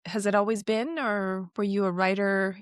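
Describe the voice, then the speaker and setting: A woman hosting a podcast interview, offering gentle, encouraging affirmations while moved close to tears. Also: medium pitch, flat delivery, normal speed, no echo. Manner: warm, supportive, brief affirmations. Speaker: podcast host. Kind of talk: casual interview chat.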